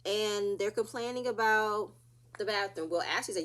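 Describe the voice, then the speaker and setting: A woman's voice: medium pitch, fairly even intonation, moderate pace, a bit bright. Chatty woman recapping reality TV. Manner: chatty and opinionated, acting out cast members' lines. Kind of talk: casual recap chat.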